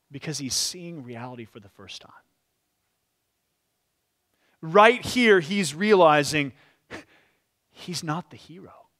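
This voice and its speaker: The preacher is a man whose voice sits on the high side, giving an expressive sermon in church. At the solemn points of the story, he slows down and lowers his voice.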